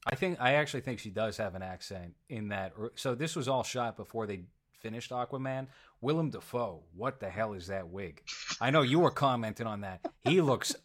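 A man's voice: mid-range voice, lively intonation, normal speed. A man hosting a casual movie review chat, opinionated and given to sarcastic asides. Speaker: podcast host.

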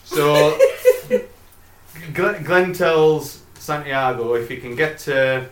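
A man co-hosting a casual film review podcast, sweary and quick to laugh. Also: fairly high pitch, a bit bright. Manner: sweary, laughs often, rambling. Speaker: podcast co-host. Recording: echoey room.

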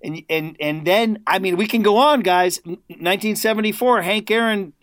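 A man from the United States chatting on a podcast, telling stories with excitement and loudly acting out quotes he remembers. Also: sits high, moderate pace, few pauses, dry recording. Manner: excited storyteller, acts out quoted commentary loudly. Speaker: guest contributor. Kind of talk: casual podcast chat.

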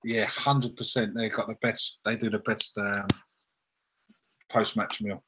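A man's voice: lowish voice, level tone, unhurried, noisy background. A man, a football manager guest in casual chat, telling stories animatedly and laughing often.

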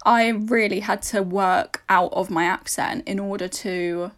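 A young woman from northeast London with a softened London accent, co-hosting a podcast in casual chat and telling animated stories. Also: mid-range voice, measured pace. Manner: chatty, animated storyteller who mimics others. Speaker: podcast co-host.

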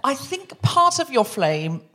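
A woman's voice: sits high, big pitch swings, slow pace, pushed and bright. A woman co-hosting a live comedy podcast on stage, playful and self-mocking, laughing often. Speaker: co-host. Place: theatre stage before a live audience.

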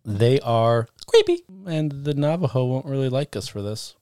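A man hosting a casual podcast, teasing his co-host in quick banter. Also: medium pitch, lively intonation, warm tone, clean tone, no room sound, studio quality. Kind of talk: casual chat.

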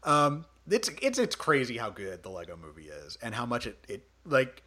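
A man hosting a podcast, chatting casually about movies, animated, laughing often and swearing freely. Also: medium pitch, normal speed. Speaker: podcast host.

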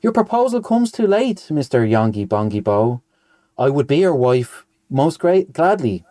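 A man putting on a high, sad lady's voice. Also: very animated, a little slow, mellow, no echo, studio quality. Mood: regretful. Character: wistful lady, sad, woman. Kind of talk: reading a nonsense poem aloud.

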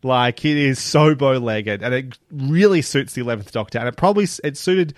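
A man, co-hosting a casual podcast chat about a TV show, animated and laughing often, swearing freely. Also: medium pitch, brisk, no room sound, studio quality. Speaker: podcast co-host.

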